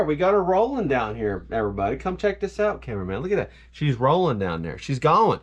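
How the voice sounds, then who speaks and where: A man's voice: medium pitch, sing-song, fairly quick, few pauses. A man hosting a jokey cooking video in his home kitchen, boasting and hyping up his viewers. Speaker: home cook, vlog host. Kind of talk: comedic cooking vlog.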